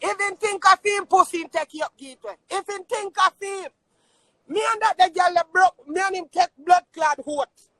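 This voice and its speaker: A Jamaican man with a very high, bright voice yells and swears through a live-stream argument. He brags loudly into a phone, and the sound is dry and close. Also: normal speed, no room sound. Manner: shouting, boastful, swearing.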